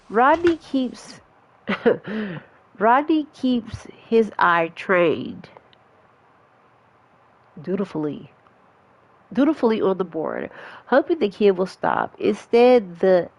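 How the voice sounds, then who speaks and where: A woman's voice: mid-range voice, no echo, low-quality recording. A woman who is sick, chatting casually through a game and reading its story text aloud, often repeating herself. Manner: chatty, laughs, stumbles and repeats words. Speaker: gaming vlogger.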